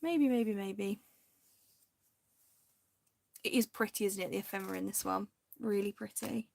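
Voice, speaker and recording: A woman hosting a crafting video, chatting casually and indecisively to viewers, now and then dropping into soft half-whispered asides. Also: medium pitch, measured pace, gravelly.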